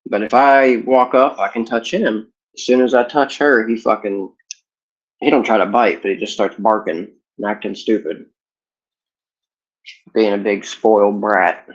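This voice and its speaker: A man casually vlogging at home, rambling in a relaxed way about his dog. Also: a little slow. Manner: sing-song, playful chanting with big pitch jumps; talks to his dog in a coaxing voice. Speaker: cannabis vlogger. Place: home room. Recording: dull lo-fi home recording.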